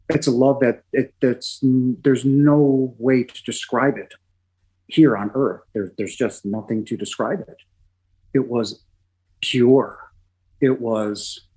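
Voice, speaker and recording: A middle-aged man speaks as a podcast guest, telling his own experience with deep feeling. He often stops, starts over and searches for words. His voice sits at an ordinary middle pitch for a man. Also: a little mellow, low-quality recording. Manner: halting, emotional, many pauses and restarts. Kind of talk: personal testimony.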